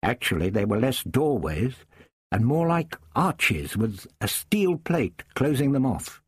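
A man reading a first-person story aloud in a measured, understated way. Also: medium pitch, very animated, slightly rough, dry recording, clean studio sound. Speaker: audiobook narrator.

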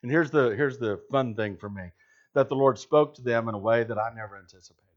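A man's voice: medium pitch, a little fast. A man preaching a sermon as a pastor, emphatic and full of rhetorical questions. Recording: slightly dull lo-fi recording.

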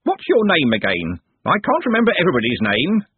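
A man's voice: fairly high pitch, huge pitch swings, fairly quick, slightly rough, no room sound, pitched above the performer's own voice, heavily acted. A man voicing a pompous, bossy old male candle keeper who barks orders. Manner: blustering, barking orders. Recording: tinny phone-like dry sound.

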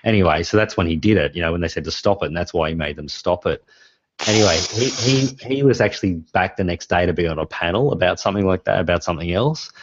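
A man's voice: low voice, lively intonation, fast talker, breathy edge. A man in his forties, a podcast host who tells rambling stories and laughs often. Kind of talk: casual chat. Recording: dry, dull lo-fi sound.

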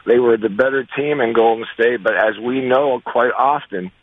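Measured man on a tinny phone line. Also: medium pitch. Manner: hesitant, many restarts, measured. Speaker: guest coach. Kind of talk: sports radio phone interview.

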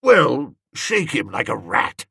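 A man's voice: mid-range voice, sing-song, slow pace, gravelly, a bit bright, husky, dry recording, studio quality, exaggerated voice. A man voicing a large blustering bully who sulks and pleads in protest. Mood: aggrieved.

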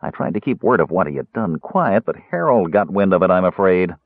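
A man voicing a smooth, persuasive human dealer who sells prisoners with salesman patter. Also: low-pitched, sing-song, a little fast, no room sound, heavily acted. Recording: narrow tinny phone-like audio.

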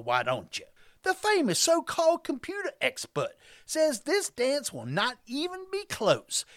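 Slow, sing-song woman sports host. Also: sits high, no echo, clean studio sound. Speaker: podcast host. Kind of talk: scripted sports picks narration.

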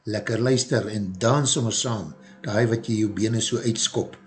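A man's voice: lowish voice, normal speed. A man with an Afrikaans accent presenting a music radio show in a casual, hesitant way, with many fillers between names and facts. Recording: internet radio broadcast.

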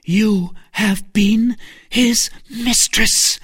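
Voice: mid-range voice, animated, unhurried, husky, dry recording, clean studio sound, voice pushed up. A reader voicing an earnest young novice nun in a storybook reading, with a raised, eager character voice. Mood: jealous.

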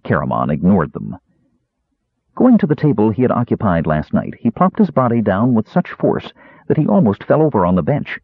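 Guy reading a fantasy audiobook, husky, super dry tinny phone-like sound. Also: lowish voice, normal speed, no echo. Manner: very expressive, wide-ranging delivery. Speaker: audiobook narrator.

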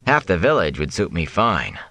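A man reading an audiobook, voicing a cautious young apprentice who speaks slowly and doubtfully. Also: low-pitched, sing-song, creaky, bright, forceful tone, no room sound, exaggerated voice. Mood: skeptical. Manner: slow, doubtful. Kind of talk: audiobook character voice.

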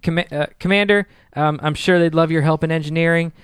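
Man voicing a polite, welcoming transporter chief in a tabletop game, smooth voice. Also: fairly high pitch, steady tone, a little fast, no room sound, studio quality, lightly acted.

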